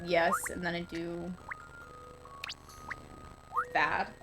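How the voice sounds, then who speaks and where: A woman's voice: lowish voice, level tone, extremely slow, music in the background. A young woman in her twenties rambling casually and profanely while streaming a game, laughing often. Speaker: VTuber streamer. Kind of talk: casual live-stream chat while gaming.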